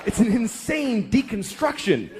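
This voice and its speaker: A man's voice: very high voice, very animated, measured pace, darkish tone. A middle-aged man doing a stand-up comedy set, ranting in an exasperated way and acting out the people in his stories, with audience laughter behind him. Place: comedy stage before a live audience. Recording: faint crowd and noise of a live show.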